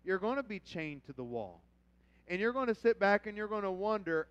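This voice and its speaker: A male pastor preaching a sermon with animated storytelling, swinging from quiet reading to loud shouts. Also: sits high, a little fast, clear, resonant tone, no echo, lo-fi sound. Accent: Southern Indiana.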